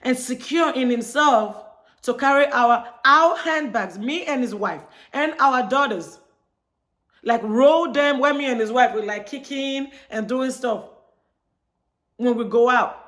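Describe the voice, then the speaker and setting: A woman vlogger from Chicago in the United States talks directly to her viewers in a casual monologue with a high, fairly bright voice at a slightly slow pace. She chattily tells a story and acts out both sides of the conversation.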